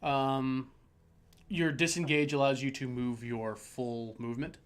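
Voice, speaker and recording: A man's voice: mid-range voice, fairly even intonation, measured pace, smooth. A man acting as game master, explaining rules and describing the scene with a playful, teasing manner. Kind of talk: narrating a tabletop game online.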